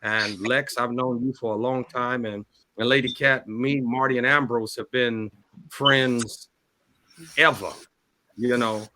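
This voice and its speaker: Bright-voiced grieving middle-aged pastor. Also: male voice, mid-range voice, steady tone. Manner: halting, repeats words, speaks through grief. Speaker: pastor and guest. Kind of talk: emotional talk-show testimony.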